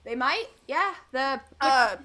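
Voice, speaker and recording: A woman's voice: high voice, lively intonation, slow pace, pushed and bright, exaggerated voice. A woman voicing a drunk old man sprawled on a pier, slurring and rambling as he gropes for words.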